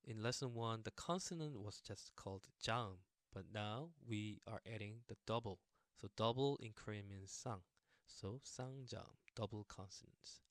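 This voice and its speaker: A man's voice: fairly low pitch, fairly quick, dry recording, studio quality. A young man casually teaching a language lesson, explaining patiently with everyday examples and a few fillers.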